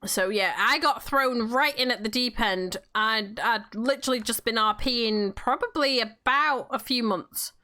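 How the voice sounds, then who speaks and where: A woman with a Northern English accent from the Manchester area talks casually as she plays, her tone bright and forward. She is chatty, swears freely, and often stumbles back over her words mid-sentence. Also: a little high, a little slow, few pauses. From England, near Manchester. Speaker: game streamer and role-player. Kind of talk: casual chat while playing a game.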